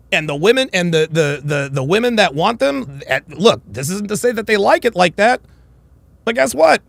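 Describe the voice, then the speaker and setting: A man's voice: high voice, creaky, fairly bright tone, no echo. A man giving blunt, crude, ranting reaction commentary.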